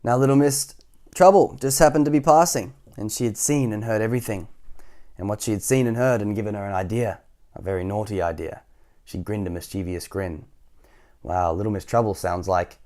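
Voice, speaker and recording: A man's voice: on the low side, normal speed, a little mellow. A man hosting storytime, reading a children's picture book aloud with casual asides to young listeners. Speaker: storytime host.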